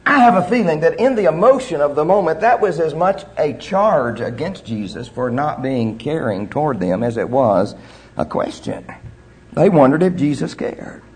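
A man preaching a sermon, telling the story in an earnest way with measured pauses. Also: on the high side, animated.

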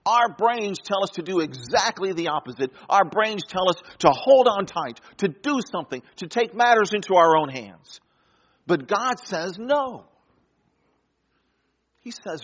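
A man preaching a sermon, telling a story with dramatic pauses and soft drops in his voice. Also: sits high, very animated, big-room sound, highs cut off. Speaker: pastor.

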